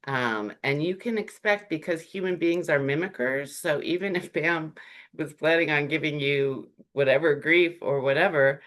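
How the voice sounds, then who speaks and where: A workshop presenter speaking in a relaxed, conversational way, with frequent fillers and lively shifts in tone. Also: medium pitch. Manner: animated, acts out short quoted greetings; chatty, with frequent "um" and "like".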